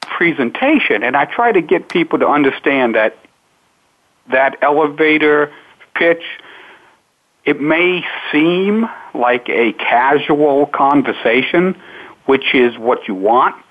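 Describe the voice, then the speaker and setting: A man who coaches public speaking, answering interview questions in a measured, unhurried way with frequent pauses. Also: a little high, expressive. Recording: narrow phone-line sound.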